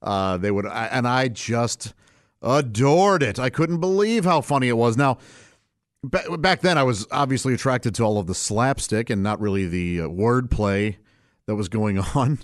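A relaxed middle-aged male comedian talks at an easy pace in a casual interview, chuckling between thoughts. His voice sits at an ordinary middle pitch. The recording is close and dry, with no room sound. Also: dry recording. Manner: laid-back, unhurried, chuckling often. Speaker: stand-up comedian.

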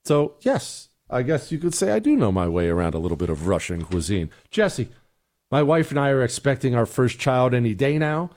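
A man's voice: mid-range voice, sing-song, moderate pace, a little mellow. Blunt exasperated male talk host. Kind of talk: opinionated commentary and listener emails.

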